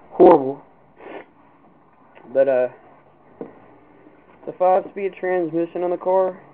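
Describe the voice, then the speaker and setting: A young man from Kentucky, speaking, giving a casual, rambling walkthrough of his car project outdoors in the cold, with many fillers and restarts. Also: fairly high pitch. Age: young adult. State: out of breath. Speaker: car hobbyist. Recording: tinny lo-fi camera audio with hiss.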